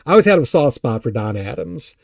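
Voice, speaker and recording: A man casually answering chat on a live stream, rambling and halting, often self-deprecating. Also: mid-range voice, very animated, dry recording, clean studio sound.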